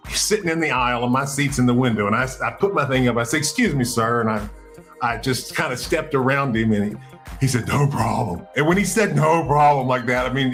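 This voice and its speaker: A male podcast host telling a story casually, in an animated way, acting out what people said. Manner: animated, acts out quotes with big pitch jumps.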